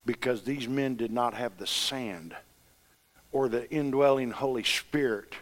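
A man's voice: medium pitch, unhurried. A middle-aged man preaching a sermon, telling homespun stories with rising fervor. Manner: folksy, impassioned storytelling preacher.

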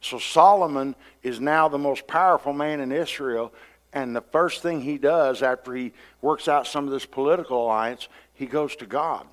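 A pastor preaching a sermon in a conversational style, often repeating words and acting out what people say. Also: male voice, mid-range voice.

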